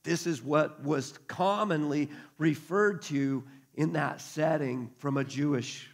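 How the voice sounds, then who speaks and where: A pastor preaching a conversational sermon, acting out quotes along the way. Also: male voice, fairly high pitch, takes it slowly, creaky.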